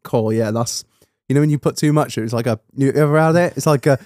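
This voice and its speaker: A podcast co-host chats casually, telling stories in an animated way, laughing a lot and swearing freely. His voice is medium-pitched and brisk, recorded in studio quality with no room sound.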